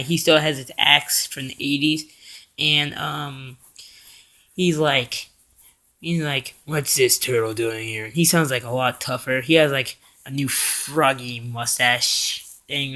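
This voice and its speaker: A man's voice: mid-range voice, fairly even intonation, bright, forceful tone. Rambling young guy recapping a cartoon. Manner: rambling, full of fillers and self-corrections; acts out characters' lines in quick voices. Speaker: cartoon episode reviewer. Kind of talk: casual recap.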